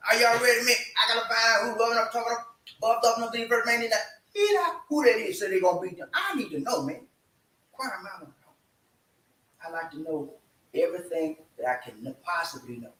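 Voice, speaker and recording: A man hosting a casual live chat show from home, excitable and energetic as he hypes up his viewers. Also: sits high, a little fast, a little hiss or hum. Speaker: show host. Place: room at home. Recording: echoey room, voice from far off.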